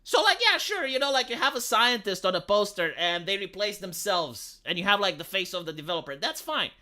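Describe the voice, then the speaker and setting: A woman with a Romanian accent and a squeaky voice, ranting heatedly on a casual live stream and often stumbling over repeated words. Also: expressive, brisk, bright, forceful tone. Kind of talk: casual livestream chat.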